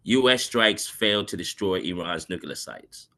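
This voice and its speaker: A man sitting in on a podcast panel, talking in a loose, rambling way full of "you know" and "right?" asides. His voice has a very bright, sharp edge. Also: low voice, lively intonation, normal speed. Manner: rambling, many fillers like "you know" and "right?", laughs at his own points. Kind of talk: casual panel discussion.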